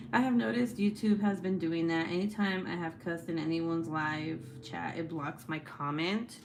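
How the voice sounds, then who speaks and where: A woman's voice: fairly low pitch, unhurried, slight background noise. A young woman hosting a casual livestream, chatting and laughing often as she reads the chat aloud, swearing freely. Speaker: livestream host.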